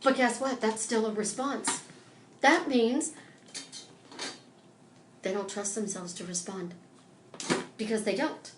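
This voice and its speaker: Woman life coach, motivational live stream delivery, animated and emphatic, high voice, echoey room sound. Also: slow pace, long pauses, a little hiss or hum. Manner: emphatic and animated, acting out little dialogues.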